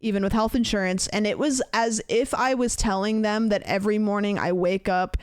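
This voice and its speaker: Speaking a little fast in a steady, smooth mid-range voice, an American woman chats on her livestream, restarting often and padding a long story with fillers. There's no room sound, just clean studio audio.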